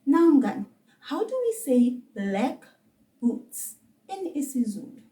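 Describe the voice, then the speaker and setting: A woman with a South African accent teaching a children's language lesson, encouraging and patient, saying words slowly for kids to repeat. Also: high voice, very animated, dark tone, echoey room, far from the mic.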